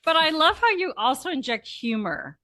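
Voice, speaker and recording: A woman co-hosts a podcast and responds to her guest with enthusiasm and warm agreement. Her voice is bright and forceful, with a dry close sound. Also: high-pitched, sing-song, moderate pace, no room sound. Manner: enthusiastic, warmly affirming. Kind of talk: conversational interview.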